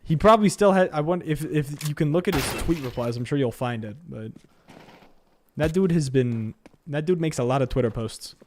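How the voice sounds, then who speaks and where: A man streaming a shooter game, rambling to his viewers between sudden excited outbursts. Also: fairly high pitch, normal speed, a little hiss or hum. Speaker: gaming streamer. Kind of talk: live gameplay commentary chatting to viewers.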